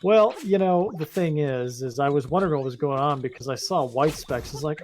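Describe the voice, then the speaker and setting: A man's voice: fairly high pitch, brisk, darkish tone, a little hiss or hum. A man co-hosting a let's-play, chatting casually and wryly, telling rambling stories with restarts as he goes. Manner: wry, rambling storyteller with frequent restarts. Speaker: co-host playing a video game. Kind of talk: casual gameplay chat.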